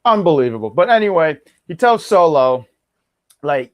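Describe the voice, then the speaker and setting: A man's voice: fairly high pitch, expressive, a little fast, muffled recording. A man co-hosting a wrestling podcast, chatting casually with a joking, mock-boastful manner. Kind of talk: casual chat.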